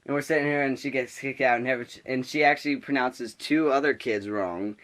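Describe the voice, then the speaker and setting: A teenage boy telling a story in a casual vlog, rambling and animated, full of restarts and filler words. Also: medium pitch, brisk. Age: teens. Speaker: vlogger.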